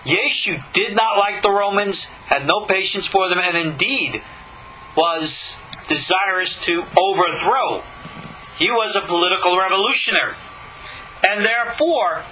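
A man teaching scripture from a Torah point of view, speaking emphatically and posing rhetorical questions with dramatic pauses. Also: high-pitched, lively intonation, pushed and bright, a little hiss or hum, rough recording. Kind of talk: live-streamed Torah lesson.

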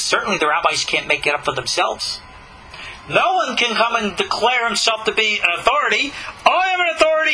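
A man with a very high, bright and lively voice gives a religious teaching. He talks emphatically, fires off rhetorical questions and slows right down whenever he reads scripture. A faint hum of ambience sits under him. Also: low-quality recording. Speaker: Jewish teacher.

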